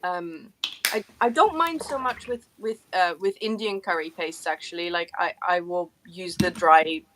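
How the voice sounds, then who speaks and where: A woman's voice: on the low side, measured pace, background noise. A woman co-hosting an art livestream, explaining things in a rambling, hesitant way with many fillers. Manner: hesitant, rambling, lots of ums. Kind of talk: casual chat while painting.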